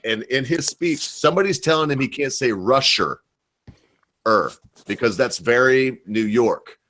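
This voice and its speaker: This middle-aged American host of a casual online voice chat has an expressive, bright, forceful mid-range voice and an unhurried pace. Talking through a computer mic, he rambles, swears liberally, and uses heavy sarcasm.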